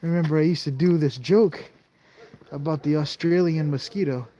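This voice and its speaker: A man's voice: a little high, normal speed, dark tone, slight background noise. A man hosting a live stream outdoors on a cold night, joking with viewers while sniffly and coughing from the cold, talking into a handheld camera. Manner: chatty, jokey, talks straight to viewers. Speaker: live-streaming ghost-hunting host. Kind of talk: casual live-stream chat.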